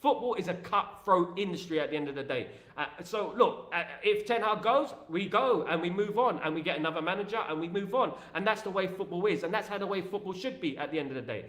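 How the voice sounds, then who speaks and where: Animated high-voiced man ranting on a live stream. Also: fast, few pauses, roomy sound. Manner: animated, repetitive and opinionated. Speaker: host of a fan live stream.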